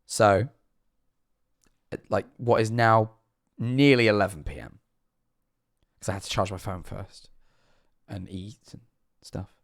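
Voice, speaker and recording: A man telling a self-mocking story to his stream, animated and swearing freely. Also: fairly low pitch, slow, long pauses, no echo, clean studio sound. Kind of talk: casual storytelling to a live stream chat.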